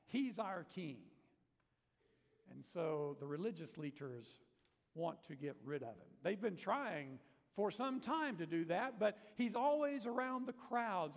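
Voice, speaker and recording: A man preaching a sermon in a church sanctuary, his fairly high voice ringing out into the long reverb of the hall. He tells the story in a lively, dramatic way and acts out the quoted lines with strong emphasis. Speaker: pastor.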